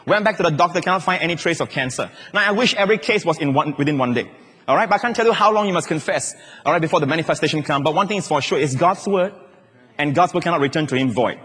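A male pastor preaching a sermon to a church, dropping at times into soft, slow, hushed repetitions. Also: fairly high pitch, lively intonation, husky. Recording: long reverb of a large hall.

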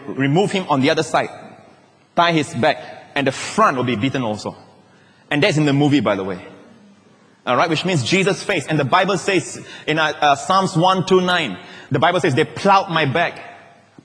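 A male pastor delivering a sermon, swinging from emphatic peaks down to hushed, quiet drops. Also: fairly high pitch. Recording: hall reverb.

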